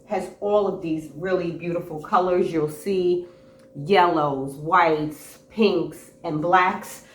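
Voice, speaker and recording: Woman gushing about clothes to camera, lowish voice, echoey room, mic kinda far. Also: fairly even intonation, slow pace. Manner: enthusiastic, chatty, some fillers and repeats. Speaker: fashion vlogger, channel host. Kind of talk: casual haul chat to camera. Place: indoor room with a clothing rack. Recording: roomy echo, distant mic, faint hiss.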